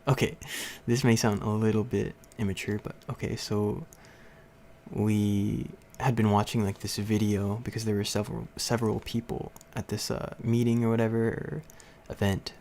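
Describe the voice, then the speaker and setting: A man's voice: fairly low pitch, flat delivery, moderate pace, dark tone, slight background noise. A young man hosting a livestream, casually telling a story to his chat with lots of fillers and frequent laughs. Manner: rambling, laughs often, many fillers. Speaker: livestream host.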